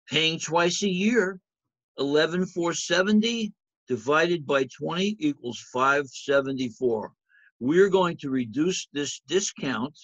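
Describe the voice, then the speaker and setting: Man, instructor lecturing over slides, conversational, fairly high voice, dry and slightly dull recording. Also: fairly bright tone, no echo. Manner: conversational, asks rhetorical questions. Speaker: accounting instructor.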